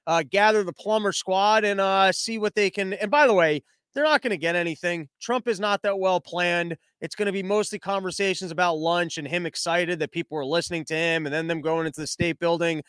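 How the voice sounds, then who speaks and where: A man's voice: sits high, fairly even intonation, fairly quick, fairly bright tone, clean tone, dry recording, studio quality. A man hosting a podcast, giving casual, sarcastic commentary on the news in a rambling, mocking way. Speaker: podcast host.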